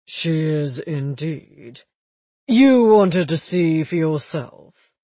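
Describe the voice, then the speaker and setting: A man reading as a wry, husky police detective. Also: on the high side, expressive, mellow, no echo, exaggerated voice. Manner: measured, wry, matter-of-fact. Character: shrewd, dry-humoured male police detective. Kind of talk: audiobook dialogue reading.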